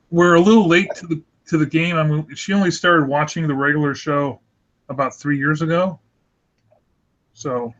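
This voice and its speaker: A man's voice: on the high side, fairly bright tone. A man chatting casually and rambling a little while he draws, talking with fellow cartoonists on a group call. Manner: chatty, rambling, self-deprecating. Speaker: host of an online drawing group. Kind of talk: casual chat while drawing. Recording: lo-fi voice call audio.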